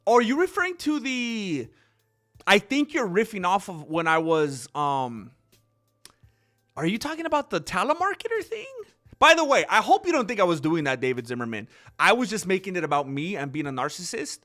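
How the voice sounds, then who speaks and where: A man's voice: high-pitched, moderate pace. A man hosting a casual livestream, telling stories animatedly with frequent laughter and reading chat aloud. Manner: animated storyteller who laughs often and reads chat. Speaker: channel host.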